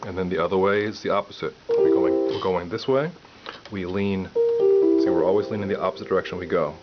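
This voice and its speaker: A man giving a piano lesson, calmly explaining step by step and counting aloud. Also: low voice, fairly quick. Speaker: piano teacher. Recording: dull lo-fi audio with loud piano.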